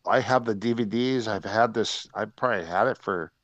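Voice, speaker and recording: An older man with a fairly low voice tells rambling anecdotes as a podcast guest, restarting his sentences often. The sound is close and dry, with no room around it. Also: normal speed, no room sound, muffled recording. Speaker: guest, martial arts coach. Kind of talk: casual podcast chat, storytelling.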